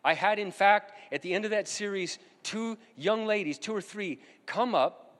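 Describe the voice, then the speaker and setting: A man's voice: high-pitched, moderate pace, fairly bright tone. A middle-aged pastor preaching a sermon, earnest and emphatic, repeating his key phrases. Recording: long hall reverb.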